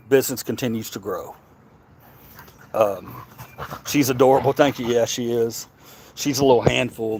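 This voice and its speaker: A man's voice: medium pitch, a little hiss or hum. A man from Tennessee with a Southern accent, hosting a casual livestream, chatting and answering comments in a rambling way with stammered restarts. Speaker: livestream host.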